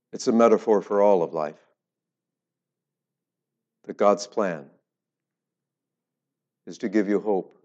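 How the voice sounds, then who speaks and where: A man who was once a pastor, preaching a sermon and telling stories with swings in loudness. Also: low-pitched, dull audio.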